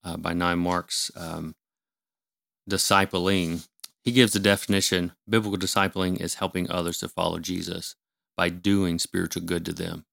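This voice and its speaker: Man, deep voice, gravelly fry, measured explanatory podcast talk, dry studio sound. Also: level tone, fairly bright tone, dry recording. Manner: measured, explanatory, with filler words and restarts. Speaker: ministry leader and guest. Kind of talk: conversational teaching on scripture. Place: small studio room.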